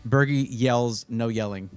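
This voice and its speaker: A man's clean, medium-pitched, slightly mellow voice hosts a casual livestream. Reading viewer comments, he gives computer buying advice while chatting, rambling, restarting phrases and kidding around with the chat.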